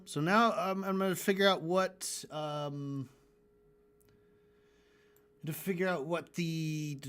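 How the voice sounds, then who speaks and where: A man's voice: a little high, unhurried, fairly bright tone. A man streaming while he animates, chatting casually, joking and swearing as he rambles through his work. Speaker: animator and livestream host. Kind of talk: casual livestream chat while working.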